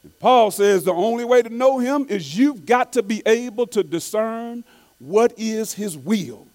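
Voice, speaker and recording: Male preacher with a high voice, delivers a sermon, repeats key lines, restarts often. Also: expressive, a little mellow. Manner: repeats key phrases for emphasis, reads quotes slowly.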